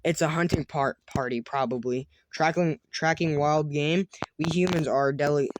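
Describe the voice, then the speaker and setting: A man voicing a male human warrior companion in a text adventure, read flatly in his own voice with no accent. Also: on the high side, moderate pace, background noise, lightly acted. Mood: matter-of-fact. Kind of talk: reading a text game aloud.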